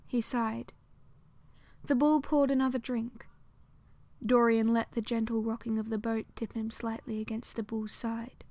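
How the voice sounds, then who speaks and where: Woman narrator, soft intimate audiobook reading, higher voice, dry close sound. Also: little pitch movement, measured pace, no room sound.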